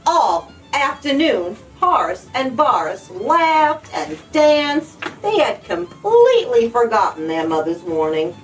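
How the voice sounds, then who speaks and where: A woman librarian reading a children's storybook aloud in an expressive, sing-song way. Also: fairly high pitch, takes it slowly, hardly any pauses, recorded from a distance, soft background music, low-quality recording.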